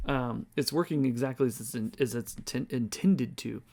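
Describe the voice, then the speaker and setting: Tired guy rambling thru his screen, reading numbers out loud, mid-pitch voice. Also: moderate pace. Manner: rambling, thinks aloud, reads numbers off screen. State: tired, yawning. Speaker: crypto video host. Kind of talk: casual screen-share walkthrough.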